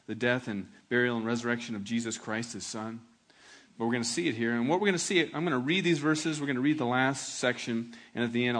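Here a pastor, male and medium in pitch, preaches with lively energy, his sermon shifting from loud emphasis down to hushed, slow contemplation.

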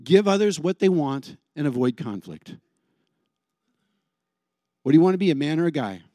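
A man preaching a sermon in a lively, conversational way, putting questions to the congregation. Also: a little high, moderate pace, no echo. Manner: animated, conversational, asks the crowd questions. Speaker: pastor.

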